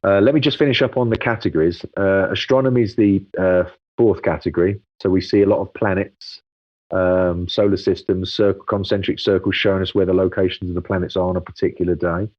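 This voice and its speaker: Brief: male guest expert, low-pitched, lecturing and explanatory, dull dry recording. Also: a little fast, no room sound. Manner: explanatory, steady lecturing with frequent ums. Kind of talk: casual interview.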